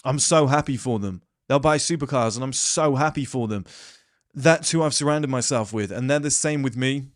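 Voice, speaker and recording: A man's voice: medium pitch, moderate pace, no room sound, studio quality. A man giving a blunt, rambling casual monologue to camera, swearing freely. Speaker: self-improvement vlogger.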